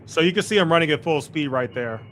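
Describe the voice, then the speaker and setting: A man's voice: fairly high pitch, expressive, fast, a bit bright, slight background noise. A man hosting a live stream, ranting in exasperated casual reaction commentary and swearing freely.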